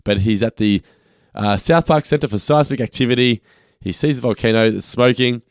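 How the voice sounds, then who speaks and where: A man co-hosting a podcast, recapping scenes in steady, low-key casual chat. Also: fairly quick, no room sound, clean studio sound. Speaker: podcast co-host.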